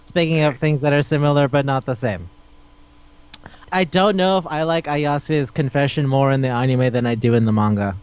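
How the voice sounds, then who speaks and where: A man's voice: mid-range voice, normal speed, darkish tone, smooth, lo-fi sound. A man co-hosting a podcast in casual chat, rambling animatedly and swearing freely. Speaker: podcast co-host.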